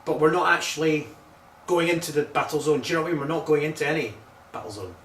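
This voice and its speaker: A man serves as a medium on a ghost hunt, talking in halting, searching bursts and repeating his words. The recording is echoey and distant from the mic, with faint hum behind it. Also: on the high side, fairly bright tone. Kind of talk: psychic readings on a paranormal tour.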